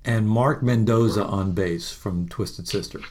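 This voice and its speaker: Animated man telling rock stories. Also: on the low side, unhurried. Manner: animated, profane, laughs through stories. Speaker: musician guest. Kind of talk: casual storytelling interview.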